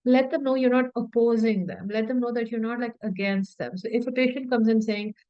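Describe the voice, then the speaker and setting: Female medical tutor, casual teaching delivery, a touch high-pitched, dry and slightly muffled audio. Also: a little fast, smooth, no echo. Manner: conversational, often repeats words for emphasis and slips in fillers. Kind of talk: informal teaching talk.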